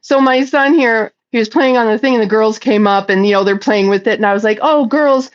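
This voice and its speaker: A woman's voice: mid-range voice, level tone, fast talker, highs cut off. A woman hosting a casual livestream chat, reading viewer comments aloud and answering them in a blunt, profane, talkative way.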